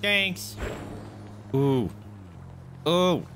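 A young man commenting on his gameplay, yelping and swearing as the fight turns on him. His voice sits a bit high and swings a lot, but he talks slowly. Loud game music plays behind him. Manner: excitable, yelps and swears while playing. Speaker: gamer. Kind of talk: let's play commentary.

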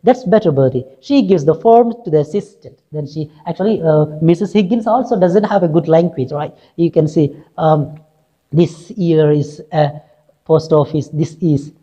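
A woman's voice: lowish voice, warm tone. A woman English teacher talking through a play, who repeats lines and checks in with "right?", on a dull lo-fi recording. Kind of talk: explaining a play in class.

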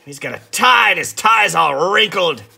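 A man's voice: high voice, animated, moderate pace, vocal fry, bright, forceful tone, breathy edge. A man talking casually through a drawing tutorial as he sketches, chatty and amused at himself. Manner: chatty, self-amused, talks while sketching. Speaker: artist teaching drawing.

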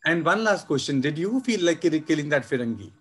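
A man, hosting an online session and closing it with formal thanks, warm and full of praise. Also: a little high, big pitch swings, brisk. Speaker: host of the session.

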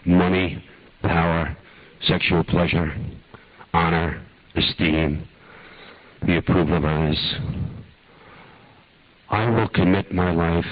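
An older man with a husky voice, leading a slow, earnest guided prayer as a preacher in a sermon. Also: low-pitched, fairly even intonation, no echo, phone-quality sound.

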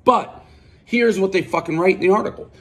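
A man with a slightly raised pitch delivers a pizza review outdoors as a combative rant. He swears constantly and boasts about himself between bites. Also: a little fast. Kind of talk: profane ranting pizza review vlog.

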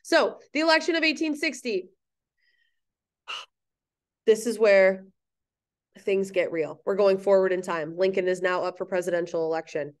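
A woman's voice: mid-range voice, moderate pace, long pauses. A woman teacher giving a recorded history lecture in an empty classroom, playful, jokey and chatty.

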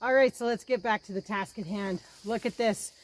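A homesteading vlogger with a medium-pitched voice speaks at a moderate pace over slight background noise. In this casual cooking and garden vlog she enthusiastically tours her outdoor garden, then moves to the kitchen to explain a recipe as she works.

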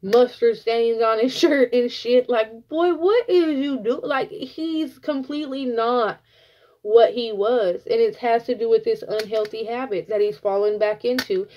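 A woman's voice: fairly high pitch, measured pace, lo-fi sound. Blunt, cussing woman tarot reader. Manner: blunt, profane, animated storytelling. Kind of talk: casual tarot reading.

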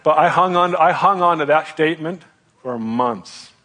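A man's voice: a little high, normal speed. Candid storytelling male pastor. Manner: candid, self-deprecating, animated storytelling. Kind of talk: sermon storytelling.

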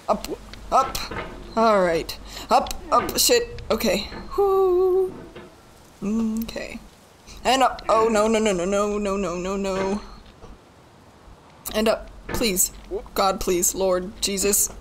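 A young woman in her twenties talks slowly while she streams a hard game live. She begs the game, curses quietly and laughs at her own failures. Faint noise sits under her voice. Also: mid-range voice. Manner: frustrated, pleading and swearing under her breath; self-mocking with bursts of laughter. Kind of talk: live gaming commentary.

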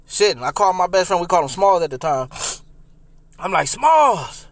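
High-voiced young man telling a profane story. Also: fast, dry recording. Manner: profane, animated, repeats himself. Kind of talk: comedic personal storytelling.

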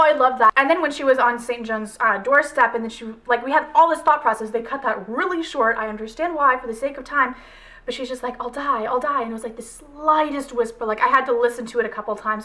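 A woman's voice: high voice, fairly quick, fairly bright tone. A woman reviewing a film adaptation in a casual vlog, chatty and rambling with lots of fillers. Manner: gushing, emotional. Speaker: book vlogger.

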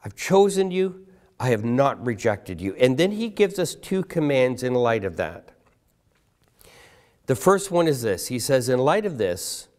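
A male pastor delivers a sermon to his congregation, his pitch rising and falling in wide, animated swings. He drops his pace to press on key words and keeps asking the listeners questions directly. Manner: emphatic, rhetorical questions to congregation; slows down to stress key words. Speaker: guest pastor.

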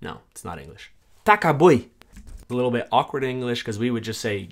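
A man who teaches a language reviews a translation tool in a casual way. He says each phrase aloud and then explains what it means, adding quick asides. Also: mid-range voice, sing-song, fairly bright tone, slight background noise.

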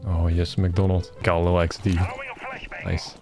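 A man's voice: low-pitched, monotone, moderate pace. A man streaming an online shooter, giving laid-back, joking and rambling commentary while he plays. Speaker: game streamer. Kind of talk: casual gameplay commentary. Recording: gameplay recording with music behind.

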